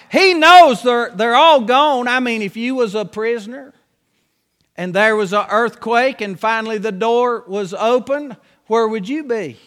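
A man preaches in a very high, bright voice, stretching his words slowly and leaning hard on the key phrases. His voice carries a long reverb from a church hall. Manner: preaching with emphatic, drawn-out phrases and folksy asides. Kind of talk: sermon.

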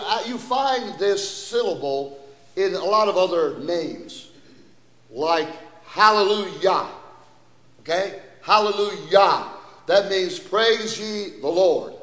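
A man with a high voice preaches a sermon, expounding scripture with emphasis and asking his congregation for amens, sometimes breaking into shouts. The recording has a large-room sound.

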